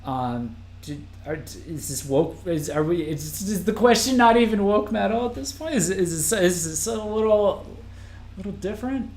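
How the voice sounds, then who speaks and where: A man's voice: sits high, moderate pace, a little mellow, roomy sound, a little hiss or hum. A man hosting a live stream, reacting to an album as it plays, rambling and restarting his sentences. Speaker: podcast host.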